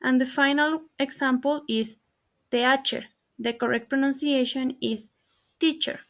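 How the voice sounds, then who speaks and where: A woman's voice: high-pitched, fairly even intonation, normal speed. A woman student giving a pronunciation presentation in a formal, formulaic recitation.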